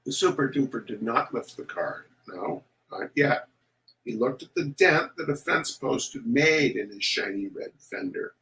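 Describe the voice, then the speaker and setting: A man reading a children's story aloud to an audience, animated and showing pictures as he goes. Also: medium pitch, a little slow, rough recording.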